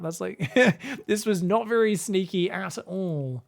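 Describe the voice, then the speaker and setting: A man casting viewer-sent game replays in a casual, joking commentary style, often laughing and getting excited. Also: sits high, normal speed, gravelly. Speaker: game caster.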